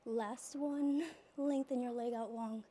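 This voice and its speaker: A woman's voice: a little high, fairly even intonation, slow, mellow, slight background noise. Out-of-breath woman cueing a pilates class. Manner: cueing exercises while working out, breathy exhales. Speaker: pilates instructor. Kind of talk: workout class instruction.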